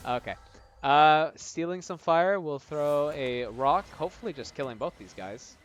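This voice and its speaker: A man's voice: mid-range voice, unhurried, clean tone. A man narrating a tabletop-style video game on a live stream, chatty and self-mocking.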